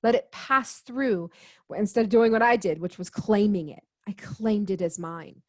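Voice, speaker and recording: In an interview, a guest healer tells a personal story with real earnestness, acting out the dialogue and quoting both herself and others as she goes. Her voice sits at a medium pitch and moves at a normal speed, like a conversational storyteller.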